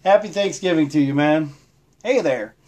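A man's voice: fairly high pitch, moderate pace, a little mellow. Chatty man live-streaming, rambling. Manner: rambling, greets viewers by name, laughs often. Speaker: livestream host. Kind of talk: casual live-stream chat.

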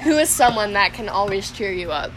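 A woman's voice: mid-range voice, expressive, brisk. A young woman asking questions in casual chat, playful and teasing, often giggling. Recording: noisy home recording.

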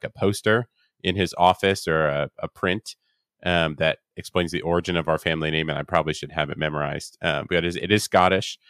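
Deep-voiced male co-host, relaxed and halting, recorded dry and close. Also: clear, resonant tone, dry recording. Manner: easygoing, hesitant with many ums. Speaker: podcast co-host. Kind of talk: casual podcast chat.

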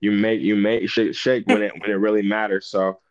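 A man's voice: fairly low pitch, fairly quick, no room sound. A man talking football as a guest in a casual chat, emphatic and full of restarts. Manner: animated, emphatic, restarts a lot. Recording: dull lo-fi audio.

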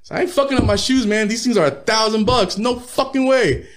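A man's voice: very high-pitched, a little fast. A man, a rapper guest in his thirties, telling profane, laid-back stories with frequent laughs in a casual interview.

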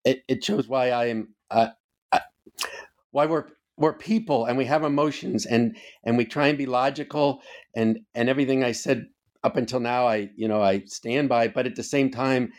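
An older ex-officer of the Coast Guard, interviewed casually on a podcast, shares stories emphatically and curses without restraint. He speaks in a medium pitch with a steady tone and moderate pace.

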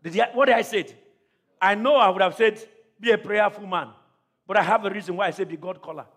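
A man preaching a sermon to a church congregation, calling out questions to the crowd and often shouting. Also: high-pitched, brisk. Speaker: pastor.

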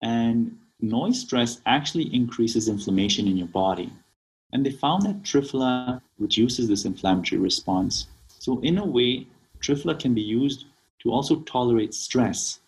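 A man's voice: mid-range voice, normal speed, a little mellow, slightly rough, poor audio. A man from Kenya, a naturopathic doctor, explaining remedies as an interview guest and often checking in with "right?". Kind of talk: casual interview talk.

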